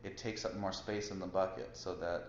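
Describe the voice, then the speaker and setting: A man co-hosting a podcast, telling a long story in casual chat, halting and full of restarts. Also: sits low, level tone. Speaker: podcast co-host. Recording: roomy, dull lo-fi sound with faint hiss.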